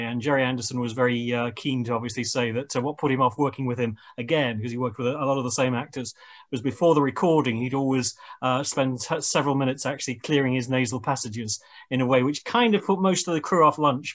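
A man co-hosting an interview, telling a wry anecdote. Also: medium pitch. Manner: wry, quick anecdotal aside. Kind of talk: conversational interview.

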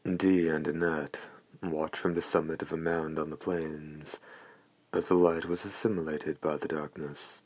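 A male audiobook narrator with a very deep, husky voice. He tells the story in a steady, even way, keeping the reading unhurried. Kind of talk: scripted narration.

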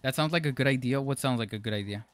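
During a live game stream, a man with a medium-pitched voice talks at a quick pace, reading chat and commentating. He's playful with his audience, laughing and joking frequently and occasionally lapsing into mock-formal wording.

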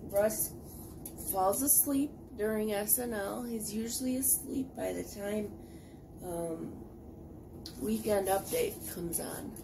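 Sleepy woman vlogging in her kitchen, slow rambly self-deprecating chatter, noisy home recording. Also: mid-range voice. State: tired. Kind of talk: casual kitchen vlog.

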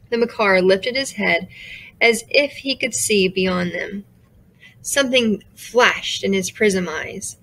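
A woman reads a children's novel aloud as narrator, in a steady storytelling voice at a middling pitch. She moves between plain narration and the voices of the characters. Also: slow, low-quality recording. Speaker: audiobook narrator. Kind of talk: scripted narration.

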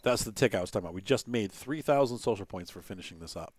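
A man's voice: lowish voice, expressive, fast talker, darkish tone, no echo. Rambling man talking over gameplay. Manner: rambling, thinking aloud with many fillers; chuckles between remarks. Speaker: gaming channel host. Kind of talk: casual gameplay commentary.

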